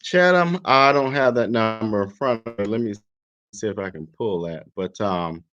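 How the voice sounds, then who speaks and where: A man as a talk show guest, speaking in a measured, hesitant way with many pauses. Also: lowish voice, a bit bright, slight background noise. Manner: measured, hesitant, lots of ums. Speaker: guest commentator. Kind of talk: casual talk show discussion. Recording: dull lo-fi line.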